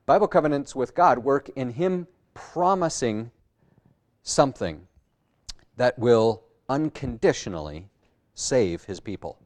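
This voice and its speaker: A man, a pastor, preaching a sermon in a conversational way, often pausing on "uh" and restarting phrases. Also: mid-range voice, expressive, darkish tone. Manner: conversational, with frequent "uh" fillers and restarts.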